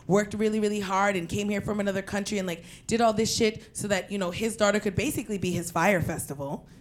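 A young woman from Queens telling a personal story in an animated, profane way, breaking into loud shouted quotes. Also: mid-range voice, quick pace, slight background noise. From Queens, New York.

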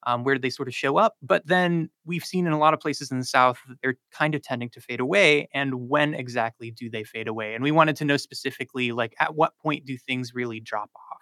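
A male linguistics professor from North Carolina explains his findings in a fluent, lecturing way, with frequent likes and ums. His voice is bright and forward, and it sounds close and dry in the studio. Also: mid-range voice, fairly quick, few pauses, dry recording. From South Charlotte, North Carolina. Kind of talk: radio interview answers.

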